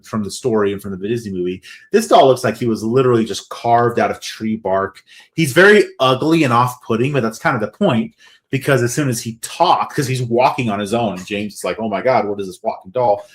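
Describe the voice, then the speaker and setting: A man co-hosting a podcast, casually recapping a horror movie with lots of restarts and fillers. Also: fairly low pitch. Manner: rambling, many restarts and fillers. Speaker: podcast co-host.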